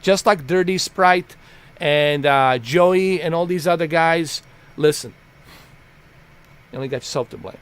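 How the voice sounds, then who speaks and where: A man's voice: fairly high pitch, unhurried, pauses often, fairly bright tone, clean tone. A man streaming live and ranting at his chat in a heated, blunt, profane way, repeating himself for emphasis.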